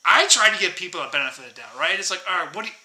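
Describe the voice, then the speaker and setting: A man's voice: sits high, lively intonation, rapid-fire, bright, forceful tone, a little hiss or hum. An American man rambling in a casual monologue, laughing often and tagging his sentences with "right?" and "dude.". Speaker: vlogger. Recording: echoey room.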